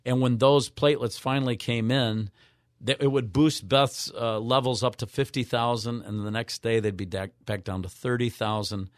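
A man of mature years, a radio show guest, earnestly telling a personal story with halting restarts. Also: medium pitch, steady tone, no echo. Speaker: guest, author.

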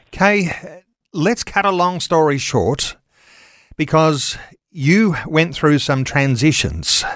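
Measured male interviewer, dry sound. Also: medium pitch, dry recording. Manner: measured, gentle questioning. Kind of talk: faith interview.

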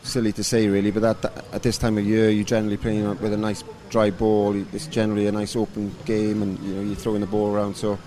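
Low, flat-voiced relaxed man. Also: quick pace, few pauses. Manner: relaxed, rambling with many fillers. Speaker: rugby coach and former player. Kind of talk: casual interview answers.

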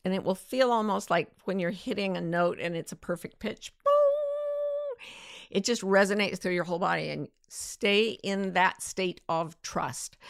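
A middle-aged woman talks gently and playfully as she answers listeners, sometimes acting out little inner voices. Her voice sits low with a gravelly fry. The sound is close and dry, with no room around it. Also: no echo. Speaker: host. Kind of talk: warm advice talk.

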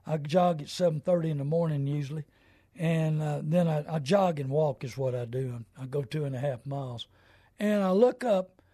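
A man's voice: a little high, dark tone, dry recording, clean studio sound. A middle-aged man hosting a radio talk show, folksy and preachy, mixing car-buying advice with scripture and rising into indignant rants.

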